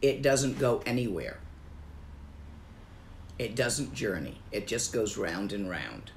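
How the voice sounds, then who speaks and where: Woman as Buddhist teacher: unhurried, gravelly, calm emphatic repetition. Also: a bass voice, slight background noise. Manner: calm, emphatic, repeats key phrases. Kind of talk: slow, deliberate dharma teaching.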